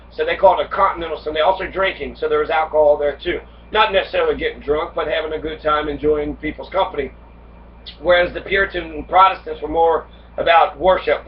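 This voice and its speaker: Man giving a profane history lecture, slightly high voice, far from the mic, dull lo-fi sound with faint hiss. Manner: reads passages then riffs with heavy profanity; acts out immigrants' complaints in angry voice. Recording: dull distant lo-fi recording with faint noise.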